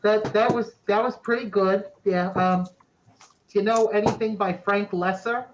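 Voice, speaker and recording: A man voicing a distant, echoey male spirit inside a statue, pitched well above his own voice, casual and wisecracking. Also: fairly even intonation, moderate pace, dull audio, background noise, natural voice. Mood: playful.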